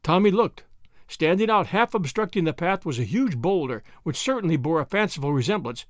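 A man narrating an audiobook in an expressive storytelling manner. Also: fairly high pitch, fairly quick, no room sound, clean studio sound. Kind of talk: scripted narration.

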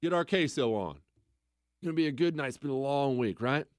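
A middle-aged man hosting a talk radio show, reading listener mail and ranting emphatically, jumping from loud exclamations to low mutters. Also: animated, moderate pace, no echo, clean studio sound.

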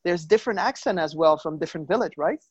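A man's voice: a little high, lively intonation, fast talker, a little mellow, breathy edge, no echo, lo-fi sound. A man hosting a podcast interview, talking eagerly in a casual way, with loose grammar. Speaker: podcast host.

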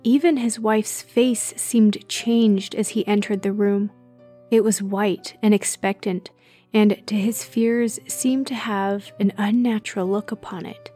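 A woman narrating a story in a slow, measured reading. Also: mid-range voice, fairly even intonation, dark tone, faint music behind. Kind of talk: audiobook narration.

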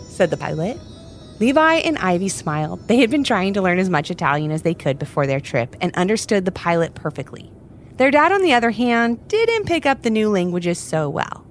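A woman's voice: fairly low pitch, expressive, fairly quick, faint music behind. A young woman narrating a children's story in a bubbly, exclamatory, sing-song manner. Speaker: storyteller host.

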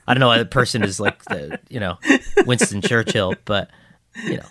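A man's voice: lowish voice, normal speed, a bit bright, no echo, studio quality. A man co-hosting a football podcast in casual, joking chat, rambling with plenty of fillers. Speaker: podcast co-host.

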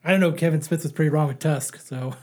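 Man with a somewhat high voice chatting. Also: fast talker. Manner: relaxed, filler-heavy, frequent "like". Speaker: podcast co-host. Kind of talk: casual chat.

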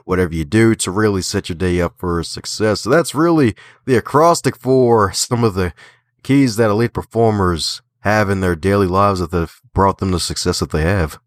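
A Baltimore-born author and podcaster with a slight Southern twang speaks in a deep voice at a moderate pace as an interview guest. The talk is casual, upbeat and folksy, full of laughter, in studio quality with no echo.

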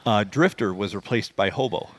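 A man's voice: on the low side, normal speed. A man co-hosting a podcast, telling rambling stories in a wry, casual way. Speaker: podcast co-host.

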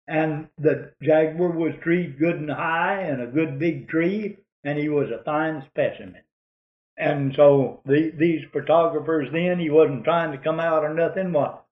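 A man with a drawl tells a long hunting yarn in a rambling, folksy way. His voice sits a little high for a man. The sound is dull and roomy, like an old tape recording. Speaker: storyteller.

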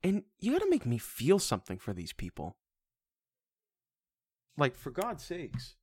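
A man's voice: on the high side, wildly swooping pitch, a little slow, a little mellow, breathy edge, no room sound. A man in casual podcast chat reviewing a movie, rambling and stammering with frequent swearing. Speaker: podcast co-host.

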